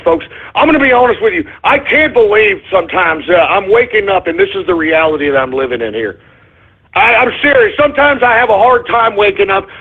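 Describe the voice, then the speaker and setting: A male radio show host with a hoarse voice, ranting in exasperation with shouted outbursts, curses and apologies. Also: high voice. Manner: curses, then apologizes for cursing. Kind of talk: ranting call-in radio monologue. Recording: tinny phone-like lo-fi audio.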